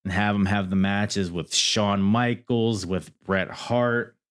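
A man's voice: lowish voice, steady tone, takes it slowly, a bit bright, smooth. A man hosting a solo podcast and answering listener questions, joking and rambling as he goes, often laughing. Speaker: podcast host.

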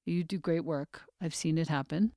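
A woman hosting a podcast introduces her guest, her voice sitting fairly low with a gravelly fry running through it. She speaks earnestly, laying out praise one item after another. The recording is dry, with no room sound. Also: moderate pace, mellow, no room sound. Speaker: podcast host.

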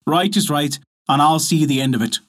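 A man's voice: a little high, normal speed, a bit bright, lightly acted. A man voicing a poor peasant husband in a folk tale, deferential yet firm.

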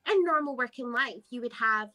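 A woman's voice: a little high, lively intonation, normal speed, sharp tone, soft background music. A woman co-hosting a podcast, talking in an earnest, opinionated way. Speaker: podcast co-host. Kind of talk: casual chat.

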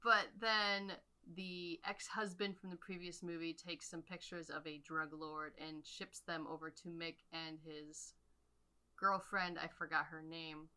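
Bright-voiced young woman rambling casually. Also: deep voice, little pitch movement, measured pace, smooth. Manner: rambling, laughs often, many fillers. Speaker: podcast co-host. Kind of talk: casual movie review chat.

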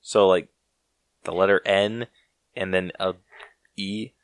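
A man's voice: deep voice, steady tone, slow pace, no room sound, studio quality. A young man co-hosting a podcast in casual chat, laid-back and laughing often, teasing himself. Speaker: podcast co-host.

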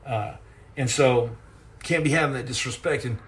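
A man, a former Navy SEAL, hosting a live stream and telling comic stories in an animated, self-mocking way. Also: medium pitch, moderate pace.

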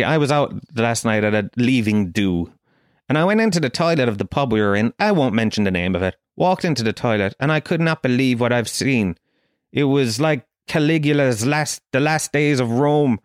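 A man's voice: on the high side, dry recording, clean studio sound. An Irish man in his forties with a Kerry accent, telling a profane, incredulous comic rant. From Ireland. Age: 40s. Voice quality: animated, incredulous, swearing freely.

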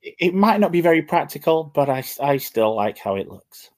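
A man's voice: fairly high pitch, big pitch swings, normal speed. A man on a podcast, easygoing and a bit defensive as he explains his choice. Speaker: podcast co-host. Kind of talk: casual podcast chat.

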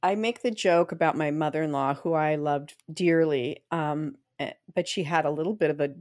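Lively woman cohost telling stories, bit low voice, dry sound. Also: normal speed, no echo. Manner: lively storyteller, acts out quotes and laughs easily. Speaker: podcast co-host. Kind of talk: casual chat.

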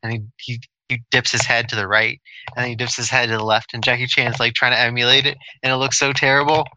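A man co-hosting a podcast, chatting casually with rambling, animated storytelling. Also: medium pitch, fast, slight background noise, rough recording. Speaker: podcast co-host. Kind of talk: casual chat.

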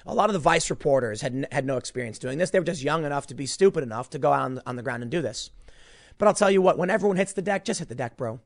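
A man's voice: fairly high pitch, lively intonation, rapid-fire. A man hosting a commentary show, ranting in an emphatic, exasperated way and repeating words as he heats up.

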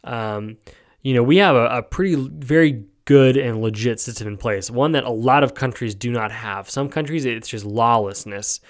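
A man's voice: medium pitch, moderate pace. A man hosting a podcast, talking through his opinions in a rambling way, with lots of fillers and a habit of asking "right?". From United States. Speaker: podcast host. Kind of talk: casual opinion monologue.

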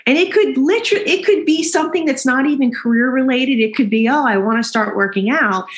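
A woman with a fairly high voice leads a chakra tapping exercise. She speaks gently and instructively, pausing to check in with "okay?" as she goes. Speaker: energy healer guiding an exercise. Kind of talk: guided chakra tapping session.

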